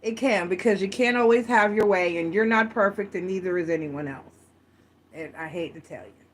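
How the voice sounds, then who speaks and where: A woman's voice: mid-range voice, moderate pace. A woman giving a casual tarot reading to camera, chatty and rambling, often correcting herself as she goes. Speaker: tarot reader.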